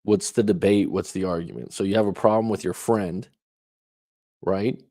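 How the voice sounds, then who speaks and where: Dry, dark-voiced male relationship coach. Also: low-pitched, steady tone, moderate pace, no echo. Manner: emphatic, rhetorical questions, acts out quoted lines. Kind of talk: advice talk reacting to questions.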